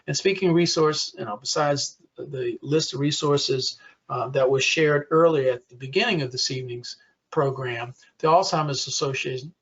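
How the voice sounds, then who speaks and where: A man's voice: medium pitch, moderate pace, a bit bright, breathy edge, highs cut off. A man giving a conversational webinar presentation for caregivers, with frequent fillers.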